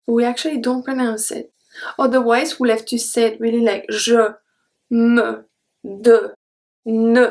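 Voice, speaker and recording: A woman teaching pronunciation, repeating each word slowly and carefully as a model. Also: fairly high pitch. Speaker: French teacher. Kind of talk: pronunciation lesson.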